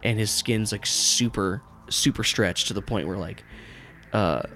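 A man's voice: on the low side, a little slow, bright, forceful tone. A man narrating as game master in a tabletop game, rambling with lots of fillers and swearing.

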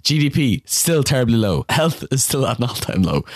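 A man's voice: mid-range voice, big pitch swings, brisk, dry recording, studio quality. A tipsy man co-hosting a podcast, chatting casually and giggling while he reads game text aloud in a mock-official voice. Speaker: podcast co-host.

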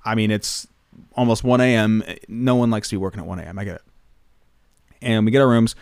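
A man's voice: on the low side, no echo. Rambling man telling a story, dry. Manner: rambling, filler-heavy, animated storytelling. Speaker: guest pop singer. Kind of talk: casual anecdote telling.

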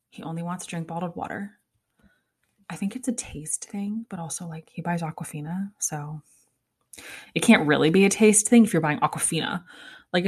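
A young woman hosting a casual solo podcast, chatting and ranting with exasperation, laughing often and swearing casually. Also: fairly low pitch. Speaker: podcast host.

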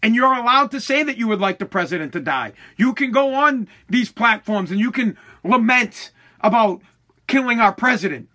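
Man, American, high voice, sharp tone, heated rant, profane, stammering restarts. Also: lively intonation, normal speed. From United States. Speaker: online commentator. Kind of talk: heated political rant to followers.

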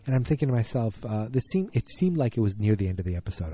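A man's voice: on the low side, sing-song, quick pace, dark tone, slightly rough. A man casually recapping a TV drama episode, thinking aloud and often restarting his sentences.

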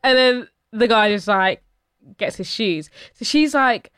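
Lively woman telling a story. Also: fairly high pitch, unhurried, clear, resonant tone, no room sound, clean studio sound. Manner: animated, acts out quoted voices, laughs often. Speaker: podcast host. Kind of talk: casual chat, storytelling.

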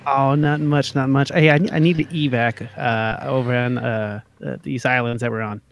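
A man's voice: mid-range voice, steady tone, moderate pace, gravelly, slight background noise. A man playing a tabletop game, casual and a little hesitant. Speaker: player. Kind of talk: tabletop game role-play.

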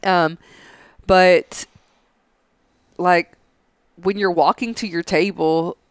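A man's voice: high voice, fairly even intonation, extremely slow, clear, resonant tone, no room sound, clean studio sound. A man in his thirties, a podcast co-host chatting casually with lots of fillers and the odd swear word. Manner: loose and profane, lots of "like" fillers. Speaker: podcast co-host, Air Force veteran. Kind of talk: casual chat.

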